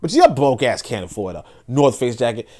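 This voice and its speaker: A man with a mid-range voice and moderate pace hosts a podcast of casual, animated, profane political commentary. He often starts sentences over, repeating words.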